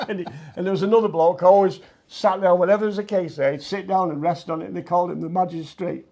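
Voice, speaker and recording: A man's voice: high-pitched, steady tone, brisk, vocal fry, a little mellow. An older man, co-hosting a chat show and laughing through his anecdotes. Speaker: co-host. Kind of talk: casual chat. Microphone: live show mic.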